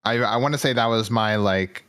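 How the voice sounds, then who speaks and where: An easygoing man co-hosts a podcast, mostly agreeing in casual chat with a lot of hesitant fillers. His voice is on the low side. The sound is dry and close. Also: moderate pace, fairly bright tone, smooth, no room sound. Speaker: podcast co-host.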